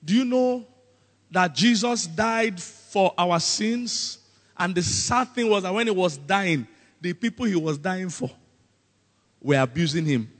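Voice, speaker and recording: A man with a Nigerian accent preaching a sermon as pastor, animated and often breaking into comic voices. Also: sits high, measured pace, big-room sound.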